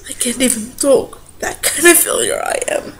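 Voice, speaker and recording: A woman in her twenties, tearful, talking to camera in a halting confessional vlog with broken-off sentences. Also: high-pitched, huge pitch swings, gravelly, a little hiss or hum, rough recording. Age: 20s. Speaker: vlogger.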